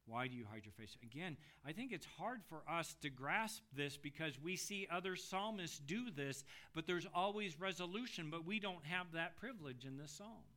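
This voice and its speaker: A middle-aged male preacher with a very bright, forceful tone and a slightly high voice. He preaches with drama, rising into loud, pleading passages and then dropping into hushed, low readings of scripture. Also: animated, normal speed, hardly any pauses. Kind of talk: expository sermon.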